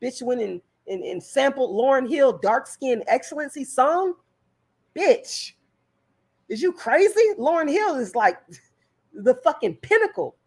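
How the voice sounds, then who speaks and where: A woman vlogger, voice high-pitched and animated yet measured in pace, with a darkish, slightly rough tone, rants heatedly and profanely straight to her audience. She stumbles on repeated words while making her case.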